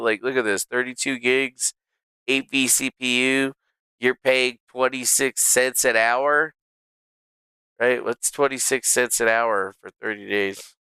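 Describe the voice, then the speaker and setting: Profane live streamer with a crisp voice. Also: male voice, mid-range voice, no room sound. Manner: profane, muttering, bursts into loud exasperated outbursts. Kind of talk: casual live-stream talk to himself and chat.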